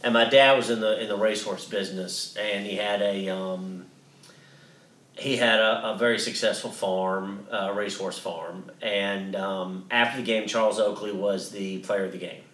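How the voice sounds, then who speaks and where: Low-voiced man rambling in an echoey room. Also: steady tone, fairly bright tone, far from the mic. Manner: rambling, halting, swears casually. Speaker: podcast co-host. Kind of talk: casual storytelling chat.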